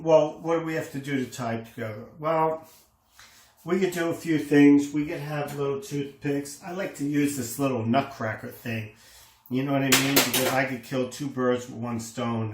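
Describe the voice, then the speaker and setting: A man casually demonstrating a recipe in a kitchen, enthusiastic and exclaiming over the food as he works. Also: on the high side. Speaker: home cooking host. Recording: echoey room, faint noise.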